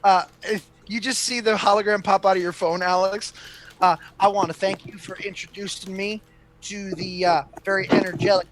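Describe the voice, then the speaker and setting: A man voicing a hyper-excited, friendly male hologram who stammers eagerly. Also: high voice, moderate pace, a little hiss or hum. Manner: bubbly, stammering, overeager.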